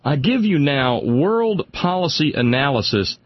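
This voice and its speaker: A man's voice: fairly high pitch, big pitch swings, measured pace, dry recording, muffled recording. A man hosting a radio talk show, delivering sardonic, rambling political commentary and stumbling over repeated words as he gets worked up.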